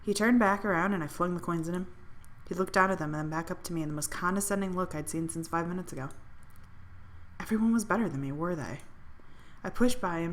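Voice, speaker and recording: Streamer, woman, reads story-game narration with bite and attitude, low-pitched. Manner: expressive, sardonic, swears freely. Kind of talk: dramatic reading of a visual novel.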